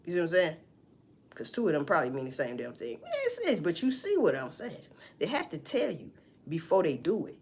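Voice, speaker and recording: A woman riffs on a news report for her audience, swearing freely and asking and answering her own questions. Her pitch swings widely as she talks. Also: fairly quick, breathy edge. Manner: profane, animated, talks back to herself. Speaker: vlogger reacting to news. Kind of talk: casual news commentary.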